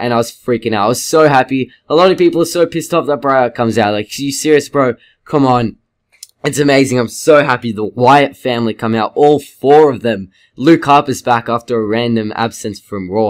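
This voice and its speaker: A man giving a casual, rambling video review, excitable and swearing freely. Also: medium pitch, a little fast, few pauses. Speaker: wrestling reviewer.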